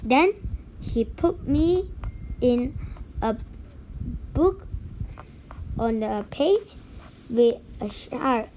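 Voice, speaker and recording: A woman reads a children's picture book aloud in a high voice. She takes her time and now and then trips over a word and starts it again. A faint hiss sits under the reading. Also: lively intonation, dark tone, poor audio. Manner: unhurried read-aloud with small slips and restarts.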